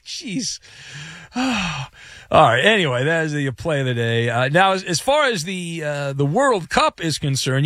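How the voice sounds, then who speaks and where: A man hosting a sports talk radio show, excitable and quick to break into shouted chants. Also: on the high side, no room sound, studio quality.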